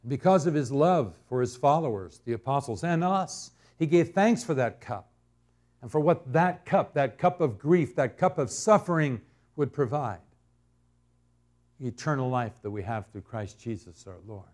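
A male pastor delivering a sermon, slow and emphatic, repeating key words for dramatic effect. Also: mid-range voice, lively intonation, darkish tone.

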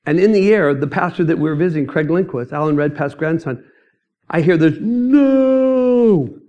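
His voice slightly high and brisk, a middle-aged man recounts his mission testimony in sermon form, emphatic and story-driven, with sudden bursts of loudness. The recording sounds muffled.

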